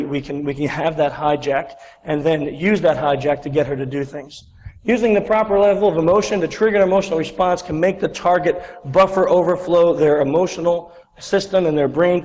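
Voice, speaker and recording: Male conference speaker, lively anecdote, slightly high voice, echoey lecture hall. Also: fairly quick. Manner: animated storyteller, acts out other voices. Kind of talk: storytelling conference talk. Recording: reverberant lecture hall recording.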